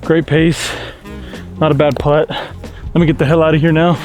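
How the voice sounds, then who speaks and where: A man's voice: on the high side, flat delivery, moderate pace, darkish tone, faint music behind. A man commentating his own round on an outdoor golf course, exclaiming after shots and sometimes out of breath. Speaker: golf vlogger.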